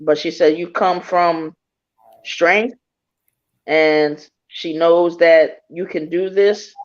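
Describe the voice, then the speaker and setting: Calm man giving a reading, dull lo-fi sound. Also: on the high side, slow pace. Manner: calm, reassuring, repeating key phrases. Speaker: psychic reader. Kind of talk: spiritual reading.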